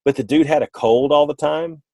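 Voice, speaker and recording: A man's voice: a little high, fairly quick, vocal fry, a little mellow, dry recording. A man co-hosting a podcast, chatting casually in a rambling, playful way and often correcting himself. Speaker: podcast co-host. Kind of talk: casual chat.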